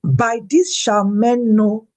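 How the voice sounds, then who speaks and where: A woman giving a personal faith testimony in an interview, talking in a preacherly way, with repeated words and big pitch swings when she retells a story. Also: fairly even intonation, takes it slowly, a little mellow. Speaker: guest speaker.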